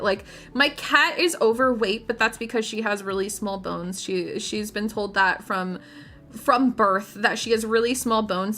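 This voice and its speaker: A woman's voice: mid-range voice, bright, forceful tone. A woman streamer chatting casually to her viewers while painting miniatures, rambling, giggling and often restarting her sentences.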